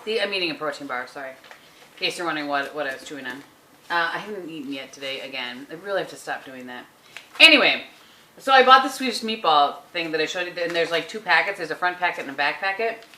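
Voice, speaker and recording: A woman's voice: low-pitched, expressive, fast talker, sharp tone. Chatty woman on noisy camera audio. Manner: chatty, rambling, self-deprecating asides. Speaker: vlogger. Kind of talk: casual home vlog chat. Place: home kitchen. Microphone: handheld compact camera.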